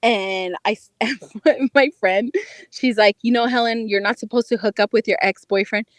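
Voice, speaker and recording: A young adult woman on a podcast, telling a dating story in a casual, animated, profane way, often breaking into laughter. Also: on the high side, moderate pace, no room sound. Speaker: podcast co-host, dating correspondent.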